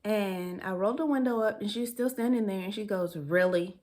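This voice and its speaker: A woman's voice: medium pitch, brisk, a little mellow. A young woman telling a personal story in a casual, chatty way, laughing often and using dialect grammar. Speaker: storytime vlogger.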